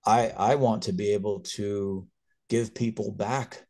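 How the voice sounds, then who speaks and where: A man in his fifties, a physician and guest, telling stories in an animated, earnest way that turns emotional. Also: fairly low pitch, unhurried. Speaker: critical care physician, guest. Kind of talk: conversational storytelling.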